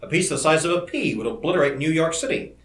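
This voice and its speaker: A man reading the part of an eager, excitable young scientist in an audiobook, in a roomy-sounding recording. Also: on the high side. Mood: excited. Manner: eager, rapid enthusiasm. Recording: roomy echo.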